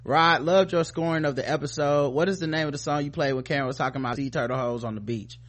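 A man's voice: on the high side, steady tone, fast, fairly bright tone. A man hosting a podcast, reading listener comments aloud in a casual, joking way with plenty of profanity. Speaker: podcast host.

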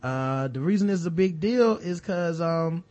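A man in his thirties co-hosting a casual chat show, animated and slangy, acting out what people would say. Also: on the high side, a little slow, muffled recording. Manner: animated, slangy, acts out quotes. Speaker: podcast co-host.

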